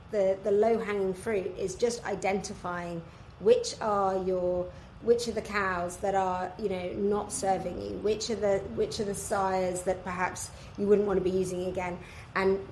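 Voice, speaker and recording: A woman with a mid-range voice speaks in a casual podcast chat, thoughtful and pausing to find her words. Her voice rings in a roomy, echoey space, with faint noise underneath. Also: mid-range voice, a little mellow. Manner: thoughtful, restarts sentences while searching for words. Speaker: guest, beef supply chain business. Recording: echoey room.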